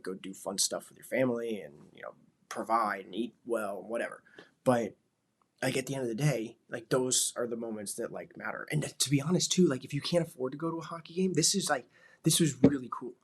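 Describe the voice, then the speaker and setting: A man's voice: medium pitch, breathy edge. A man in his thirties, a father, talking in a casual, rambling way and filling his sentences with "like" and "you know". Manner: rambling, many filler words. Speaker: vlogger, father. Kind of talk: casual reflective talk.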